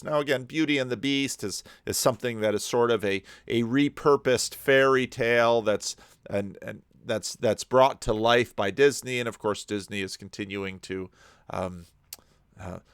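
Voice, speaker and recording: A man with a resonant, crisp voice talks over a video he keeps pausing, circling his point with restarts and repeated words. The sound is close and dry, with no room around it. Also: medium pitch, no room sound. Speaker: video commentator. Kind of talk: pausing and commenting on a played video.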